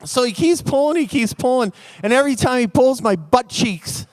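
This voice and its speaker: A man telling a true comic story live on stage, animated and acting out the scenes. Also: very high voice, moderate pace, dry recording.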